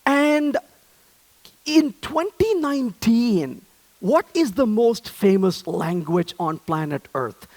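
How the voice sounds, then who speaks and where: A man giving a conference talk on stage, joking and asking the audience questions. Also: very high voice. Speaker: conference speaker.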